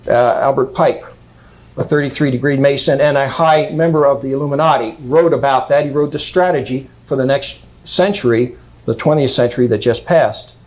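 A man's voice: medium pitch, moderate pace, darkish tone, poor audio. A man giving a lecture, reading out quotes and commenting on them emphatically, often checking in with "okay?".

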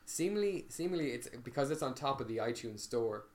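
A man telling a story in casual chat, animated and swearing freely, often restarting his sentences. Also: medium pitch, brisk.

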